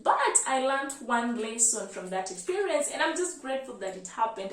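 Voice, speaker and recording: A Kenyan woman in her twenties, a medical student, telling a personal story in an animated vlog style. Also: on the high side, normal speed, few pauses, roomy sound, recorded from a distance. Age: 20s. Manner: animated storytelling, lively retelling.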